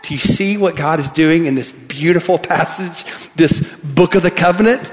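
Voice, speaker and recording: A pastor preaching a sermon, reading scripture aloud and swinging from soft, quiet lines to emphatic ones. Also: male voice, a little high, animated, moderate pace, few pauses. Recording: long hall reverb.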